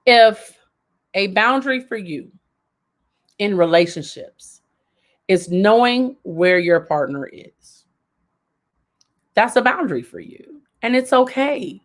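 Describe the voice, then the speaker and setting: A woman's voice: mid-range voice, expressive, takes it slowly, long pauses. A woman hosting a live advice show, coaching viewers in a casual way, repeating her key points and laughing as she reads their comments.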